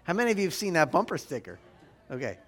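A man's voice: fairly high pitch, very animated, quick pace, husky. A middle-aged man preaching a sermon as a rabbi, talking conversationally to the congregation and often asking "right?". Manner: conversational preaching, frequent tag questions.

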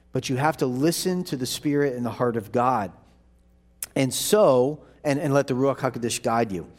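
A man preaching a sermon, explaining scripture and reading verses aloud with emphasis. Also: fairly high pitch. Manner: animated teaching, reads scripture aloud with emphasis. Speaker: pastor.

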